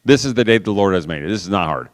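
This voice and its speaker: A middle-aged man speaks to a live conference audience, his pitch swinging widely as he acts out voices and sounds. His voice is smooth and resonant. The long reverb of a large hall trails behind every line. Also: racing. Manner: animated, laughing, acting out voices and sounds. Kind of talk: storytelling talk to a live audience.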